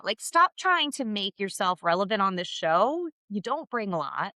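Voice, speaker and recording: A woman co-hosting a podcast, chatting casually and bluntly about reality TV gossip, with animated, opinionated storytelling. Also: mid-range voice, normal speed, hardly any pauses, dry recording. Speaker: podcast co-host.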